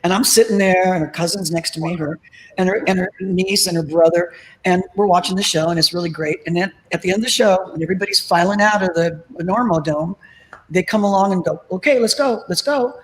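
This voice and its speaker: A middle-aged woman, a tribute band singer, chatting as an interview guest and telling lively anecdotes full of acted-out quotes. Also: fairly low pitch, fast talker, rough recording. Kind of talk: casual interview storytelling.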